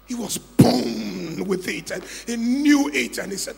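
A man preaching a sermon, telling the story dramatically and swinging from hushed tones to shouts. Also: extremely high pitch, measured pace, creaky, few pauses, long reverb tail, a little hiss or hum. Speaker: pastor.

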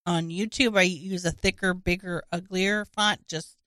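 A woman in a casual chat, relaxed, making dry remarks. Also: lowish voice, measured pace, no echo.

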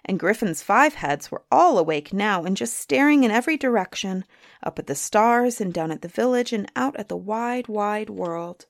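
A woman storyteller reading a storybook aloud in an expressive, gently animated way. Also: mid-range voice, moderate pace, vocal fry, no echo, clean studio sound.

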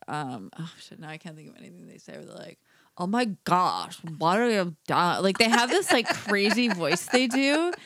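A woman's voice: medium pitch, a bit bright, dry recording. A woman co-hosting a podcast, chatting casually, giggling often and rambling off on tangents. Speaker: podcast co-host. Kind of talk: casual chat.

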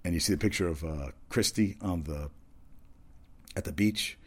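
Deep-voiced rambling talk host. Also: male voice, normal speed. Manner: rambling, conversational, with restarts and asides.

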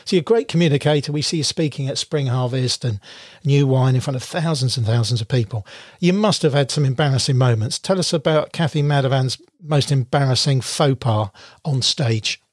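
A man hosting a podcast interview, enthusiastic and quick to laugh. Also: medium pitch, no echo, studio quality. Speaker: podcast host. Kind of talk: casual interview chat.

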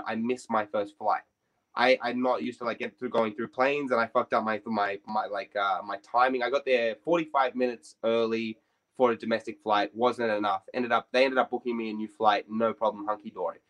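A man's voice: medium pitch, poor audio. Young man ranting a story. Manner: rambling, swears a lot, animated retelling. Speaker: podcast host. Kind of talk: casual storytelling.

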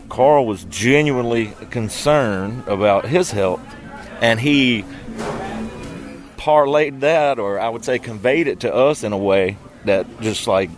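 A man's voice: mid-range voice, a little slow, soft background music. A man telling an emotional personal story in a casual chat, with fillers and restarts.

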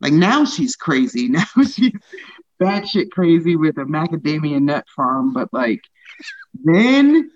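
A woman stand-up comedian in a casual interview, talking fast and loose with lots of "like" fillers and frequent laughter. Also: deep voice, sing-song, dry recording, dull audio.

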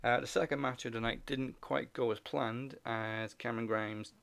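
A man's voice: mid-range voice, fairly even intonation, normal speed, creaky, a bit bright. A man co-hosting a podcast, steadily recapping the week's events in casual chat. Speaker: podcast co-host.

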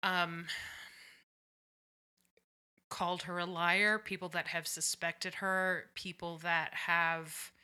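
A woman recapping a TV episode in loose, halting casual chat, dropping the odd swear. Her voice is strikingly bright and forward. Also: lowish voice, flat delivery, smooth.

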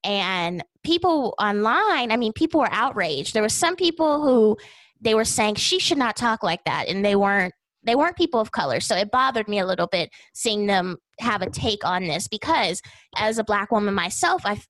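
A woman host recapping events in casual commentary, expressive and animated. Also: medium pitch, normal speed, no room sound, low-quality recording. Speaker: podcast host.

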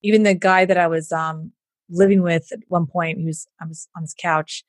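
Woman guest with a low voice, animated storyteller who mimics others, dry close sound. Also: normal speed, dry recording. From Southern United States. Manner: animated, acts out what others said, laughs often. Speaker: entrepreneur guest. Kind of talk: candid storytelling interview.

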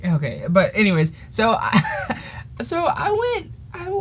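A man's voice: sits high, wildly swooping pitch, slow, slight background noise. A teenage boy casually telling a rambling story on a podcast, laughing often and drifting off topic. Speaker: podcast host.

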